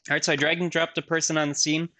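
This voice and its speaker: In a recorded university lecture with a live software demo, a man talks casually, full of fillers and self-deprecating asides. His voice sits on the high side, and he delivers everything flatly and rapid-fire.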